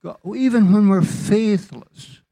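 A man preaching a sermon as pastor, slow and deliberate, lifting his voice for emphasis. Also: high-pitched, vocal fry, mellow.

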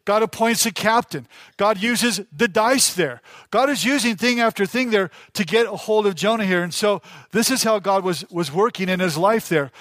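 A pastor delivers a sermon in a fairly high-pitched male voice, pressing his points with emphasis and repeating key lines straight to the congregation. The sound is dry and close, with little room echo. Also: moderate pace, fairly bright tone. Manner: emphatic preaching, repeats key phrases, addresses congregation directly.

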